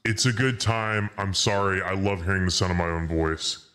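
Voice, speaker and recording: A man doing a smug, very deep voice. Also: normal speed, fairly bright tone.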